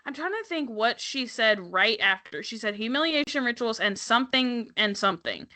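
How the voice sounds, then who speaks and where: Speaking at a normal speed in a slightly high, animated voice that sounds pushed and bright, a podcast co-host chats casually about reality TV. She is sarcastic and profane, with laughing asides.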